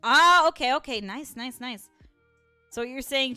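A woman's voice: high voice, a little slow, pushed and bright, clear, resonant tone, no echo, faint music behind. A young woman with a Chicago accent, casually chatting on a live stream, laughing often and reacting to chat. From Chicago, USA.

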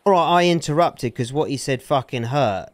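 A man's voice: fairly high pitch, lively intonation, normal speed, dry recording. A man in an in-character roleplay argument, aggrieved and defensive, swearing often. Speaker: roleplay streamer.

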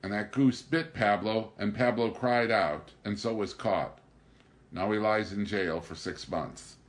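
A man's voice: on the low side, measured pace, lightly acted. A man voicing a stern, wry young male drifter who speaks dryly and bluntly. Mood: storytelling.

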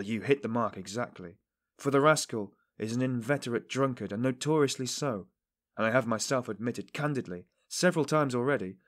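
A man's voice: medium pitch, lightly acted. A man reading the part of a shrewd middle-aged investigator in an audiobook, pressing his points with rising emphasis. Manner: insistent, animated, rising to emphasis.

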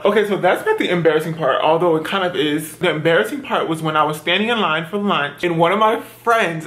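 A man's voice: a little high, fairly bright tone. A young adult man chatting through a hair tutorial, dramatic and self-mocking as he tells embarrassing stories. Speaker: beauty vlogger. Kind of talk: chatty get-ready-with-me storytime.

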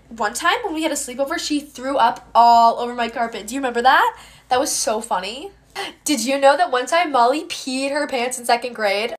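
A woman's voice: sits high, brisk. A woman acting a comedy sketch in a fake-friendly, gossipy tone.

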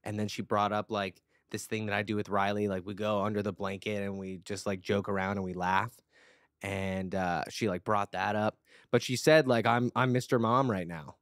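A man's voice: fairly low pitch, little pitch movement, normal speed, fairly bright tone, dry recording, studio quality. A man co-hosting a podcast, chatting casually and earnestly, rambling with lots of fillers. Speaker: podcast co-host. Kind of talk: casual chat.

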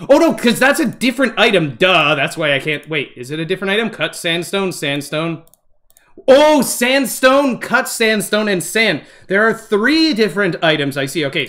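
High, bright-voiced excitable male gamer. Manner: excitable, easily startled, narrates every move; talks to viewers as "guys". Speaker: gaming channel host. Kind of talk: let's-play gaming commentary.

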